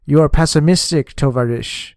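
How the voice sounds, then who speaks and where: A man's voice: fairly high pitch, normal speed, gravelly, a little mellow, dry recording, studio quality. A man voicing an insistent, irritable male communist official who argues heatedly. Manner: argumentative, hot-tempered.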